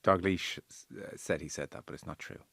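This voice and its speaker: A man's voice: deep voice, brisk, vocal fry, dry recording, clean studio sound. A man with an Irish accent hosting a casual sports podcast, teasing and telling stories. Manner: lively, teasing, animated storytelling. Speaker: podcast host.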